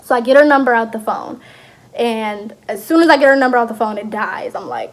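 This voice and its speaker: Young woman, storytime vlog, chatty, slightly high voice. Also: brisk. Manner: chatty, animated retelling with laughs. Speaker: vlogger.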